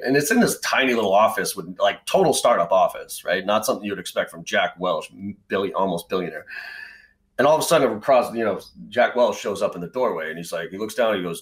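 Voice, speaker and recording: Blunt, low-voiced middle-aged man telling stories. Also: fairly bright tone. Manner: blunt, swears freely, conversational. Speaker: sales trainer, podcast guest. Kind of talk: casual storytelling in a podcast interview.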